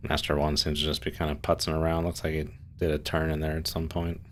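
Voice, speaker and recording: A man with an extremely deep, low voice talks loosely on a live game stream. He rambles, restarts sentences and leans on fillers. A faint hum sits under his desk-mic sound. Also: monotone, fast, fairly bright tone. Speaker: streamer playing a submarine sim. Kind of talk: casual live-stream chat.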